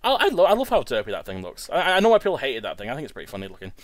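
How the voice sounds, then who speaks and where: A man's voice: mid-range voice, huge pitch swings, rapid-fire, dry recording. A man hosting a let's play, rambling through casual commentary with lots of stammered restarts and laughs.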